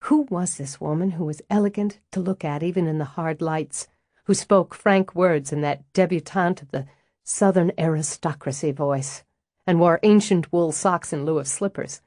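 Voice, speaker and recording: A woman narrating a romance audiobook in an even, measured storytelling manner. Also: fairly low pitch, no room sound, studio quality. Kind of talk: scripted narration.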